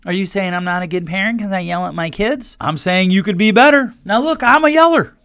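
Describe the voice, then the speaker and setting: A man's voice: high-pitched, fairly quick, fairly bright tone, clear, resonant tone, no room sound, clean studio sound. A man in his forties hosting a solo podcast, talking bluntly and animatedly, quoting people in put-on voices. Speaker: podcast host.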